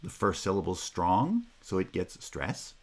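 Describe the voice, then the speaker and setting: A man's voice: low-pitched, very animated, normal speed, vocal fry. A man giving a recorded linguistics lecture, explaining slides patiently and methodically, repeating key terms and checking in with "Right?". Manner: occasional filler "uh" and checking "Right?".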